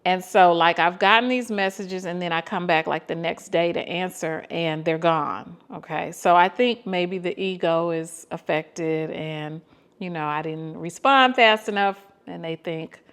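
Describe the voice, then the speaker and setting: A woman in her fifties with a Southern US accent, telling dating stories to her viewers in an animated, exasperated way, acting out bits of the dialogue. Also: fairly low pitch, measured pace, smooth. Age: 50s. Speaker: vlogger. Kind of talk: casual storytelling to viewers.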